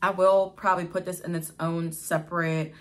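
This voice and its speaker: A woman's voice: lowish voice, flat delivery, moderate pace. A young adult woman telling her own story in a vlog, emotional and exasperated, talking straight to her viewers. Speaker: vlogger telling a personal story.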